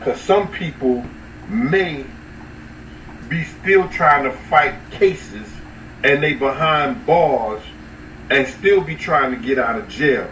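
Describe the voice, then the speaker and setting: A man's voice: lively intonation, slow, fairly bright tone, distant mic. Roomy off-mic man chatting on a livestream. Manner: loose, profane, rambling commentary with sudden high-pitched outbursts. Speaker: livestream host talking to chat. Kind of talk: casual unscripted livestream chat. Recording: roomy echo, off-mic, faint ambient noise.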